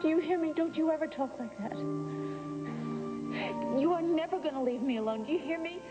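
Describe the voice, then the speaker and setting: An actress playing a strong-willed grown daughter in a daytime soap opera, talking in an insistent, emphatic way. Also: female voice, sits high, fairly quick, big-room sound, lo-fi sound, loud music behind the voice, lightly acted. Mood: fierce.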